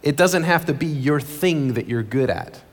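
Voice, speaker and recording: A male pastor preaching an earnest, conversational sermon from a church stage, with quick asides. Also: a little high, animated. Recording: long reverb of a large hall.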